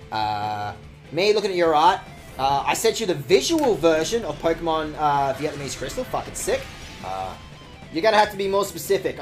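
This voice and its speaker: Casting: male game streamer, lively pitch swings, sarcastic banter, salty language. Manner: animated, sarcastic, swears often. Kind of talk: casual game streaming chat.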